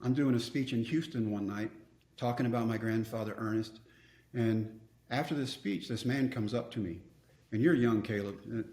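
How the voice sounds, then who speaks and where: A man's voice: lowish voice, steady tone, moderate pace, darkish tone, roomy sound. A man, telling personal stories earnestly as a podcast guest. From Texas. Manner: earnest, reflective storyteller. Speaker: guest speaker. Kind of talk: storytelling interview.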